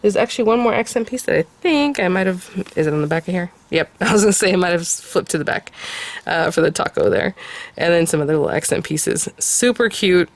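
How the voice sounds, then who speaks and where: A woman hosting a casual craft product review, talking chattily with fillers and little laughs, just getting over a summer cold. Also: on the low side. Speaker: craft video host.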